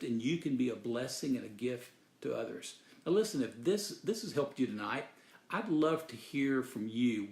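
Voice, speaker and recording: A man's voice: medium pitch, creaky, reverberant. A man giving an earnest, sermon-style motivational talk, telling a story and repeating phrases for emphasis. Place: Dallas, Texas.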